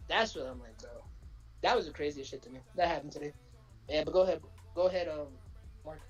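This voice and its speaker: A woman chatting casually as a podcast co-host, telling a story in an animated way, with lots of slang and swearing. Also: low voice, fast, breathy edge, muffled recording, faint music behind.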